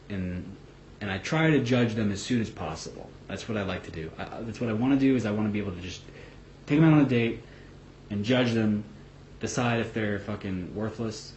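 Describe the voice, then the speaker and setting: A man's voice: lowish voice, darkish tone. A man talking casually to camera in a vlog, blunt and swearing, with lots of fillers and restarts. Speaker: vlogger. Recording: echoey room with faint background noise.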